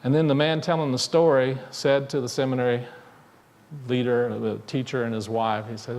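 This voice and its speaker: A male minister telling a story in a sermon, in a conversational, halting way with frequent restarts. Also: medium pitch, little pitch movement, darkish tone. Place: church sanctuary. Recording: long reverb in a church hall.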